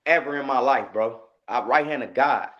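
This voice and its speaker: A man telling a story in a casual interview, animated and acting out the lines he quotes. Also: medium pitch, moderate pace, highs cut off. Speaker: guest, rapper.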